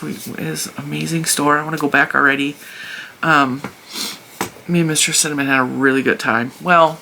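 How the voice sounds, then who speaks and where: A woman in her forties hosts her crochet channel in a casual, rambling chat, laughing often as she goes. Her voice sits a little low but has a bright, forceful edge. She talks into a phone mounted in front of her. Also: a little hiss or hum. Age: 40s. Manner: chatty, laughs often between thoughts.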